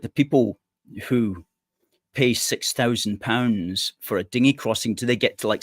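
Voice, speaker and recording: A man's voice: lowish voice, dry recording, clean studio sound. A man hosting a political commentary show, reading out news items with sarcastic, indignant asides.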